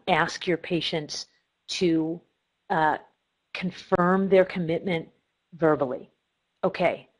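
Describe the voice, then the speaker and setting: A woman's voice: fairly low pitch, a little mellow, low-quality recording. A middle-aged woman therapist giving a recorded lecture on treatment techniques, explaining step by step with frequent ums and self-corrections. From Cleveland, Ohio.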